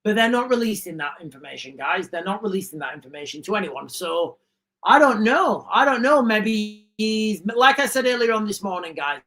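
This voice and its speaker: With a medium-pitched, slightly bright voice, a livestream host reads breaking news briskly and expressively. She interrupts herself with chatty opinions aimed straight at viewers, frequently saying "guys," into a streaming setup mic.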